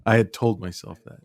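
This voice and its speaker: A man's voice: lowish voice, darkish tone, no echo. A man hosting an art podcast, reflective and drawing lessons out for students. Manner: reflective, draws takeaways for students. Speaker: podcast host. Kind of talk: casual podcast discussion.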